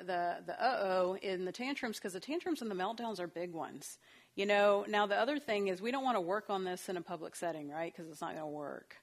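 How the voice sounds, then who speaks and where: A woman counselor giving a talk on parenting, telling stories from her own family in a chatty way and acting out the dialogue. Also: medium pitch. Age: adult parent of a young child.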